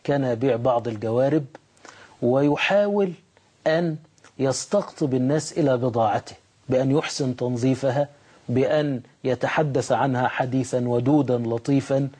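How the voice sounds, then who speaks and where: Fast husky male talk show host. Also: medium pitch, mellow. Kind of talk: summarizing for viewers.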